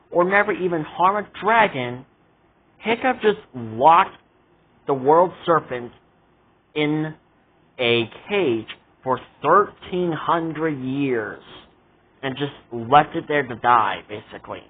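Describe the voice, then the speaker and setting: A man with a husky voice on the high side rants in a casual vlog, reviewing a show he's exasperated and indignant about, with repeated asides. The audio sounds tinny, like a phone.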